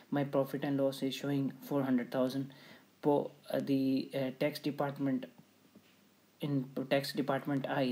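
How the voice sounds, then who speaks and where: A man tutoring accounting, talking haltingly with many restarts and acting out little dialogues. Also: medium pitch, a little mellow, rough recording. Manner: halting, repeats and restarts phrases; acts out dialogues with a tax office. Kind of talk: explaining an exam topic.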